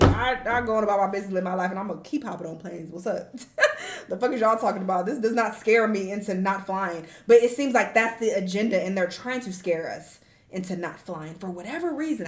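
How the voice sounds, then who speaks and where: A young adult woman hosting a casual reaction video, talking candidly and animatedly and cursing freely. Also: medium pitch. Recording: echoey room.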